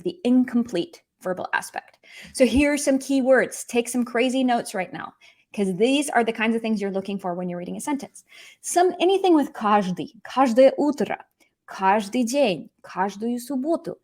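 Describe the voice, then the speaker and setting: A young woman teaching a language lesson online, explaining with lively emphasis and slowly spelling out example words. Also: on the high side.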